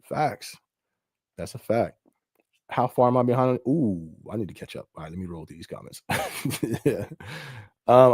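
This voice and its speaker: A man's voice: fairly low pitch, animated, normal speed, long pauses, a little mellow, slightly rough, no room sound, clean studio sound. A man hosting a casual podcast stream, reading viewer comments aloud in a laid-back way and often checking in with "you know what I mean". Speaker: podcast host and rapper.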